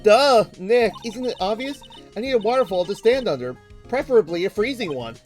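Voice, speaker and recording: A man putting on a bubbly high-voiced girl. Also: lively intonation, brisk, soft background music. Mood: eager. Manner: high-pitched, eager, loud outbursts. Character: bubbly excitable young woman spirit medium.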